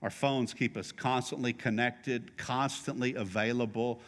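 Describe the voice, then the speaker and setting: A man's voice: medium pitch, fairly even intonation, measured pace, fairly bright tone, in a large hall. A middle-aged male pastor preaching a sermon in a conversational, joking way, teasing his congregation.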